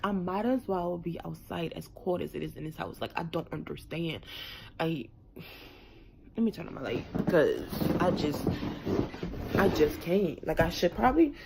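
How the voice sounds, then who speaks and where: A woman's voice: lowish voice, vocal fry, noisy background. A young woman from West Africa, sick and dizzy in bed at home, chatting playfully to her viewers in slang and repeating words for effect. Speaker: vlogger. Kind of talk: casual chat to camera.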